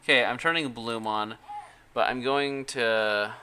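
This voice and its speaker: A man's voice: mid-range voice, steady tone, unhurried, sharp tone, a little hiss or hum. A man from Utah streaming live, chatting casually and thinking aloud with hesitant restarts as he works. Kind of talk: casual live-stream chat while working.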